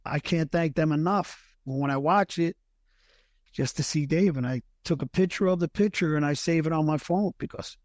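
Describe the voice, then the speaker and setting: On the high side and darkish in tone, this dry recording features a middle-aged man, once a firefighter, telling a personal story as a podcast guest. He is earnest but halting, restarting sentences often, with emotion sometimes thickening his voice.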